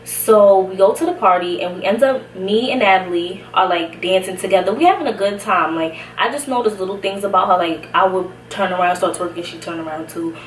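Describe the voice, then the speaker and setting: A young woman from Brooklyn tells a casual storytime vlog in a chatty, slangy way. She sounds a little out of breath. Her voice sits at a middling pitch and comes across an echoey room from a short distance. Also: brisk, hardly any pauses. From Brooklyn, New York. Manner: chatty, slangy, laughs often. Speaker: vlogger. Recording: echoey room, somewhat far from mic, faint hiss.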